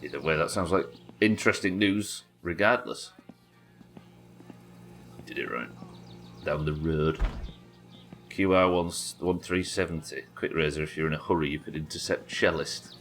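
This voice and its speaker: Deep-voiced British man streaming a game. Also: normal speed, long pauses, fairly bright tone, soft background music. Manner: chatty, swears, reads chat aloud. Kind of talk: casual gameplay chat.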